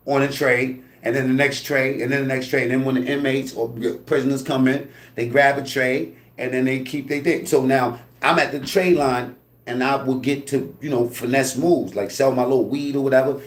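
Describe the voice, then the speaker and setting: A man with a mid-range voice tells a story from prison in a casual, profane way, acting out voices and sounds. He is animated and full of fillers, especially "you know what I mean," and the audio is reverberant.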